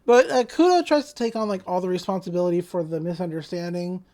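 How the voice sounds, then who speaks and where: A woman's voice: lowish voice, quick pace, darkish tone. A woman co-hosting a podcast, casually retelling anime scenes with lots of fillers and "she's like" quotes. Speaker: podcast co-host.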